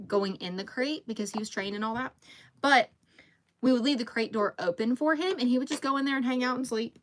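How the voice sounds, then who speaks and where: There's a little hiss or hum on the recording of this woman, whose voice is a bit high and fairly bright. Hosting a livestream from home while crocheting, she rambles casually, reads comments from viewers and speaks to her dog.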